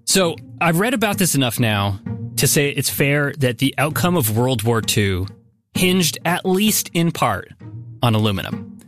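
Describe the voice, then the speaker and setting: A man's voice: mid-range voice, very animated, unhurried, a bit bright, faint music behind. A man hosting a podcast, telling a story conversationally with casual fillers. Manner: curious, conversational, frequent fillers. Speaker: podcast host. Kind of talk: scripted podcast storytelling with banter.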